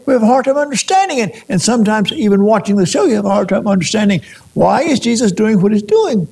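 A male preacher with a high-pitched voice and a gravelly edge. He delivers a sermon in a searching way, firing off rhetorical questions and often stopping to restart a phrase. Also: lively intonation, fast talker, darkish tone. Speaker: pastor.

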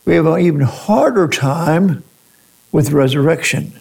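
A man's voice: on the high side, lively intonation, unhurried, creaky, a little mellow, breathy edge. A man preaching a sermon, posing rhetorical questions and often restarting his phrases. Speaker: pastor.

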